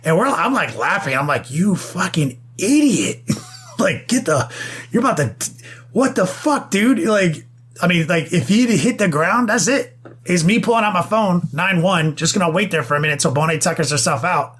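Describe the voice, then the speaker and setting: A young man co-hosting a casual podcast, telling a story with lots of swearing and quick bursts of speech. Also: high voice, animated, a bit bright, slight background noise. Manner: profane storytelling with fast bursts. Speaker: podcast co-host.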